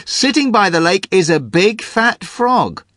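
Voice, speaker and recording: A man's voice: high-pitched, lively intonation, measured pace, sharp tone, no echo, clean studio sound. A man telling a silly scripted joke, hesitant at first and chuckling at his own lines. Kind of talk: scripted comic storytelling.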